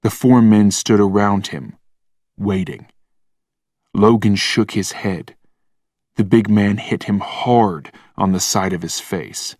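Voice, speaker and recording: Slow, deliberate male storyteller. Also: lowish voice, no room sound, studio quality. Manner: calm, plain, deliberate. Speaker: narrator. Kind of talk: slow scripted narration for language learners.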